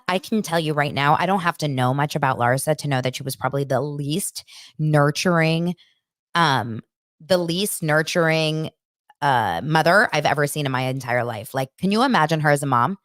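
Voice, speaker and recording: Low-voiced, animated woman podcast host doing chatty pop culture commentary, recorded dry and close. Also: no room sound. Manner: chatty, animated, mocks others in shrill voices.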